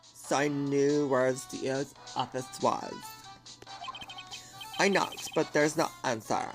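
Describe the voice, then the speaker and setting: A woman voicing a nervous young male suspect, reading his game testimony in a lowered voice. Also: steady tone, takes it slowly, faint music behind. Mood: uneasy. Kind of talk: reading game dialogue aloud.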